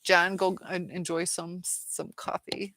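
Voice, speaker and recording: Low gravelly woman hosting a chat. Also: little pitch movement, slow pace, a bit bright, no room sound. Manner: chatty, laughs often, trails off while reading comments. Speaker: live chat host. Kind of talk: casual live chat reading viewer comments.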